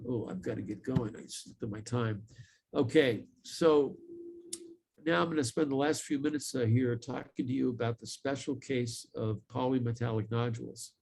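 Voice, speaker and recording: Middle-aged male scientist, low gravelly tone, earnest, unhurried live talk with hesitations. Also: a little mellow. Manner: measured, earnest, many pauses and fillers. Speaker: ocean scientist giving a talk.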